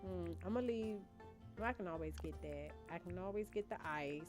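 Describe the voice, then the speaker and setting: A young woman with a fairly low-pitched voice talks at a moderate pace as she streams a game, chatting casually and thinking out loud. She addresses the chat as "y'all," with faint game music in the background.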